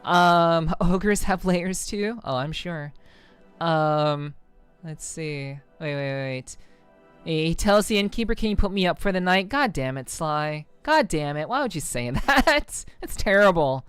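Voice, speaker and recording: A woman's voice: low-pitched, lively intonation, measured pace, clean tone, faint music behind. A woman streamer chatting casually with her viewers, rambling with many fillers and restarts and swearing freely. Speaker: VTuber streamer. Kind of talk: casual stream chat reading comments.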